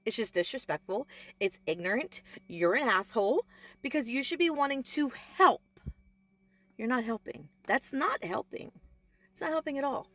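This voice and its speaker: A young woman vents straight to her camera in a heated rant, swearing freely and hammering her points home. Her voice sits a little high for a woman, and she stays fired up without letting it boil over into yelling. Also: expressive, moderate pace. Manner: heated, profane, emphatic. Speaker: vlogger. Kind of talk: angry social media rant.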